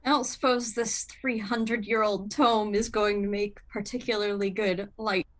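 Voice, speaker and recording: A woman player in a tabletop role-playing game, speaking in a wry, low-key way. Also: fairly even intonation, moderate pace. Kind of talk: casual tabletop role-play.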